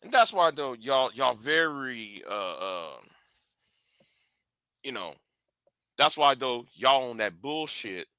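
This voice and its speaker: A man's voice: medium pitch, sing-song, takes it slowly, long pauses, bright, forceful tone, clean tone, no room sound, clean studio sound. A man hosting a live stream, speaking bluntly and confrontationally, often restarting and repeating words.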